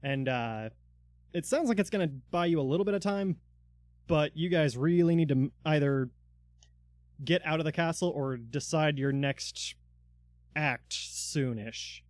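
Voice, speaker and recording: Give me a slightly high-voiced man running a tabletop game, chatty and filler-heavy, with a dry, close sound. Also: a little slow, dry recording. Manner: loose, filler-heavy narration. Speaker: dungeon master.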